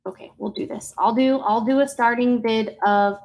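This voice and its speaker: A woman selling jewelry on a live stream, chatty and unhurried, dropping to soft half-whispers and breaking into sing-song greetings. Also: a little high, fairly even intonation, rough recording. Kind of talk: live auction sales stream.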